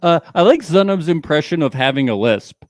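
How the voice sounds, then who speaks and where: Animated, joking man co-hosting a recap. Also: a little high, a little fast, noisy background. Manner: joking, animated, rambling with fillers. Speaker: podcast co-host. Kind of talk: casual recap chat.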